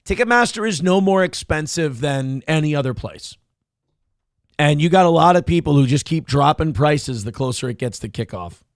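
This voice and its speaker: A man's voice: on the high side, expressive, normal speed, no echo, clean studio sound. A man hosting a morning show, giving crude, mocking commentary on the news and swearing heavily. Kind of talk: profane comedic news commentary.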